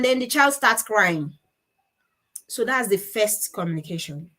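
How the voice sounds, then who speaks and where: A woman's voice: fairly high pitch, moderate pace, a bit bright. Woman giving a slide lecture. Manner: explanatory, stops to correct herself. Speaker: conference speaker on child speech disorders. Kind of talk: conference talk with slides.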